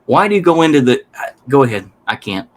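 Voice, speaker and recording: Male host, casual reaction commentary; rambling and exasperated, mid pitch. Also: sing-song, quick pace. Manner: rambling, restarts, swears, exasperated.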